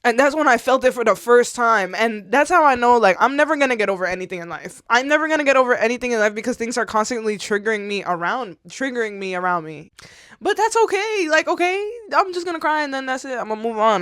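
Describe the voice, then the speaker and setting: A woman's voice: medium pitch, fairly bright tone, no room sound, clean studio sound. Candid tearful young woman vlogger. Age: 20s. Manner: slangy, swearing, rambling and emotional. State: tearful at times. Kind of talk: candid confessional to camera.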